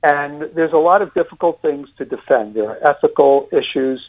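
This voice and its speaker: New York man with a muffled sound. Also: on the high side. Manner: deliberate, many fillers and restarts. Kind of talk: discussion of a sermon series.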